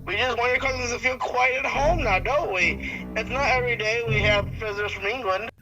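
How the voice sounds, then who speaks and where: A man's voice: high voice, normal speed, music in the background, lightly acted. A man playing a cheerful dad who speaks in a hammy put-on British accent. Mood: jolly.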